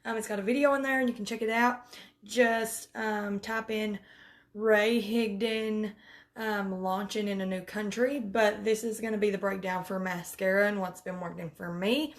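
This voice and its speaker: A woman's voice: medium pitch, flat delivery, normal speed. A woman, coaching her sales team in a casual live video, chatty and emphatic with direct commands.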